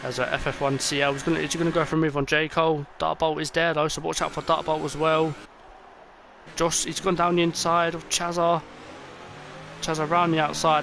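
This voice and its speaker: Tired man calling a sim race. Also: a little high. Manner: excitable, rambling, many fillers. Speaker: race commentator. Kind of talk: esports race commentary. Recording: noisy, with game car sounds behind.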